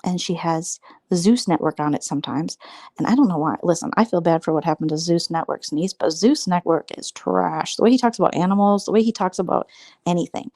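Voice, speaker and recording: A woman's voice: fairly quick, darkish tone, no room sound. A woman hosting a casual late-night livestream, rambling and sarcastic, mocking others by mimicking them. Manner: gossipy, mocking, mimics others in high squeaky voices. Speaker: livestream host.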